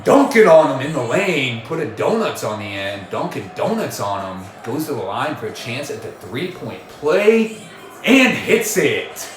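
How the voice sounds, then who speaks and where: A man doing jokey mock sports play-by-play commentary, full of puns and quick self-corrections. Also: mid-range voice, sing-song, a bit bright, reverberant, a little hiss or hum.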